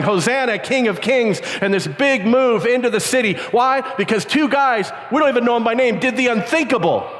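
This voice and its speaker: An older man giving a storytelling sermon to young people at a camp, acting out the characters in animated voices. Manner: animated, acts out characters with squeaky high voices. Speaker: camp speaker. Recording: long reverb, faint background noise.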